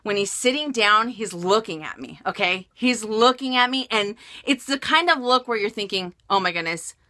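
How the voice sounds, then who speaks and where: A woman vlogger telling a story in a chatty, animated way, often restarting her sentences. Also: fairly high pitch, moderate pace. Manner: chatty, animated, self-correcting. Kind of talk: casual storytime monologue.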